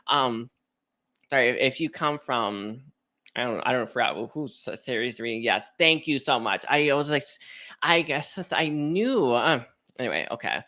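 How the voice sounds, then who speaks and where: A man's voice: medium pitch, animated, normal speed, pushed and bright. A man giving a casual, rambling spiritual reading, chatting to viewers with lots of fillers and restarts. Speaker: spiritual card reader.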